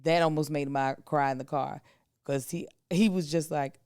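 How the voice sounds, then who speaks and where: Low, smooth-voiced woman storyteller. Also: moderate pace, dry recording, studio quality. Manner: animated storyteller acting out voices of others. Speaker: podcast co-host. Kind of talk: casual storytelling chat.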